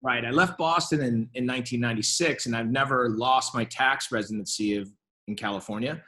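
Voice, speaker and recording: Man in his fifties telling lively stories. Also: mid-range voice, fairly quick. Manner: lively storyteller who acts out quoted dialogue, with frequent restarts. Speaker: venture capitalist guest. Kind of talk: conversational interview storytelling.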